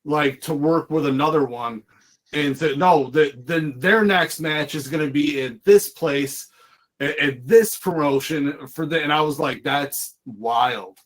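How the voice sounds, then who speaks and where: A man's voice: fairly high pitch, measured pace. A man hosting a casual podcast chat, rambling as he talks and acting out what other people said. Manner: rambling, restarts his sentences and acts out other people's lines. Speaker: podcast host.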